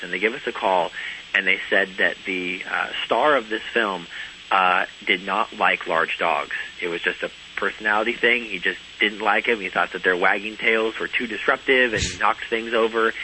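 A man's voice: deep voice, sharp tone, dull audio, slight background noise. A man, a head dog trainer, telling stories as a radio guest in a chatty way full of ums and uhs. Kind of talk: radio interview.

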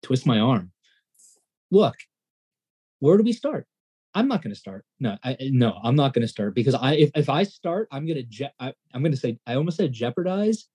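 Man, podcast co-host, excitable, self-deprecating, husky, warm. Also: mid-range voice, moderate pace. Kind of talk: casual podcast chat.

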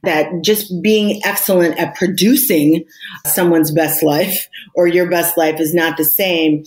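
A woman's voice: on the low side, fairly even intonation, unhurried, a little mellow. A woman speaking candidly and reflectively as a podcast interview guest, emphatic at times. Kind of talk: podcast conversation.

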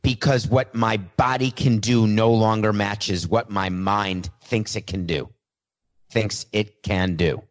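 A man with a lowish voice speaks slowly and in a steady tone, playing a famous star quarterback who fields press questions bluntly and honestly. The mock press-conference monologue is done in his own plain voice, with no impression attempted.

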